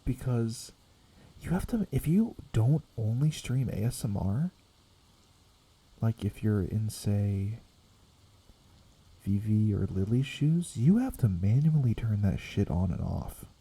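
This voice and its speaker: A young man streaming as a VTuber, rambling softly in a quiet ASMR chat that slips into whispers. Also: fairly low pitch, lively intonation, takes it slowly, pauses often, husky. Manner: soft rambling, drifting between quiet voice and whisper.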